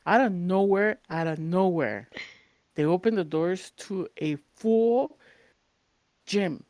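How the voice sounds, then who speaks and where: A woman's voice: on the low side, slow, no echo. A woman, telling stories casually and acting out the people she quotes, cursing now and then. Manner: animated, acts out quoted voices, swears casually. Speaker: podcast co-host. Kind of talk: casual storytelling chat.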